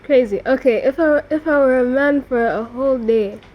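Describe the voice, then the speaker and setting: A young woman with a high voice, the guest in a relaxed chat. She pauses and thinks aloud before she answers. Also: dull audio. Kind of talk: casual chat.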